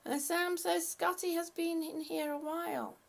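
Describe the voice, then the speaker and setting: A woman hosting a livestream, chatting haltingly and affectionately with her viewers, often restarting her sentences. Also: extremely high pitch, steady tone, vocal fry. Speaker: livestream host. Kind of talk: casual livestream chat with viewers.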